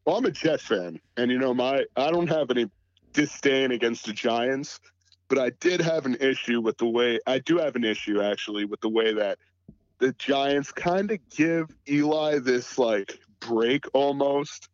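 A man's voice: mid-range voice, normal speed, dry recording. Easygoing man on a muffled lo-fi line. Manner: laid-back, lots of "you know" fillers, laughs easily. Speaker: podcast guest. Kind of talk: casual sports chat.

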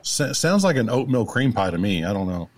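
A man, telling stories as a guest in casual chat, animated and laughing. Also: on the low side, fairly quick. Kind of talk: casual storytelling.

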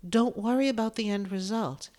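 A woman medium and author giving a gentle, soothing spiritual talk, emotional at times. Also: mid-range voice, moderate pace. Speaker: medium and author, podcast host.

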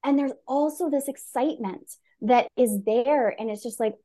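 Podcast guest: middle-aged woman coach, higher pitch, earnest and lively. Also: moderate pace. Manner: earnest, animated storytelling. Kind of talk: conversational interview.

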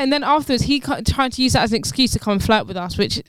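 A woman, co-hosting a casual podcast and telling stories in an animated, indignant way, swearing freely. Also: fast, clear, resonant tone, dry recording, clean studio sound. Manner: animated storytelling with swearing, jumps high when indignant. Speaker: podcast co-host.

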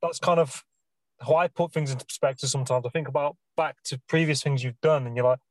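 A man's voice: medium pitch, fairly even intonation, fast talker, no room sound. A man hosting a podcast, talking in a loose, rambling way with many fillers. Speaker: podcast host. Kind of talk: casual interview chat.

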